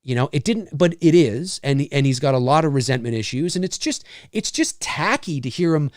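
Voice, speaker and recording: A man's voice: fairly high pitch, brisk, no room sound, clean studio sound. A man hosting a podcast, ranting in a casual chat with lots of restarts. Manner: animated, ranting, many restarts. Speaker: podcast host.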